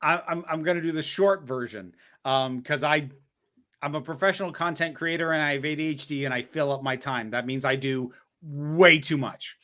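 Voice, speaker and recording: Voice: medium pitch, normal speed, a bit bright. A guest content creator on a podcast, talking in casual, dry and witty chat. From United States.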